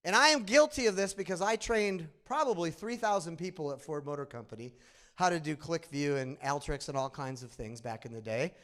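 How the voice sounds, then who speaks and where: Man, Midwestern accent, nasal, high voice, lively swooping delivery, conference speaker. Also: a little fast. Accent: Midwestern American. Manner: animated storytelling, asks the audience questions. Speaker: conference presenter. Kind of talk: conference talk. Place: conference room.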